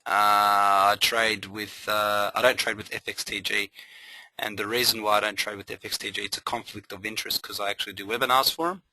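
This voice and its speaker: A man running a live trading webinar, talking with bright, forceful energy. He drives his points home by repeating phrases in a motivational rush. The sound is close and dry, with almost no room around it. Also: on the low side, level tone, fairly quick, dry recording, low-quality recording.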